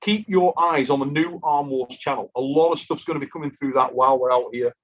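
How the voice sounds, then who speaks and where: A man's voice: medium pitch, a little fast. A man hosting a casual live stream, chatty and worn out from lack of sleep, reading out viewer messages. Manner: chatty, reads out super chats. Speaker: host of an armwrestling live stream. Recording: muffled lo-fi live stream audio.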